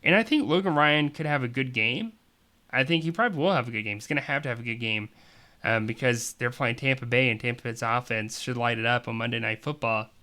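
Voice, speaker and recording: A man talks through fantasy matchups in a loose, casual host style. His voice is bright and forceful, and his analysis wanders with plenty of fillers and restarts. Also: medium pitch, brisk. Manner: rambling, chatty, filler-heavy analysis. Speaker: fantasy league podcast host. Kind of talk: casual sports talk commentary.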